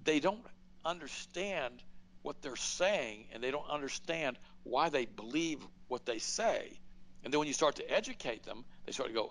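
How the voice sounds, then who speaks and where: A man's voice: medium pitch, normal speed, rough recording. Middle-aged guy on a talk show, blunt and worked up, voice jumps way up on big points. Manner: emphatic, animated, blunt storytelling with acted-out quotes. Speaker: radio show host. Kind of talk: political commentary, conversational monologue.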